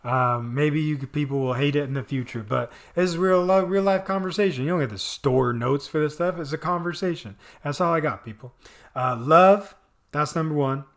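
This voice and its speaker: A man's voice: on the high side, moderate pace, a bit bright. A man reviewing a TV episode in casual chat, rambling with lots of fillers. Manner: rambling, filler-heavy, enthusiastic. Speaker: video reviewer.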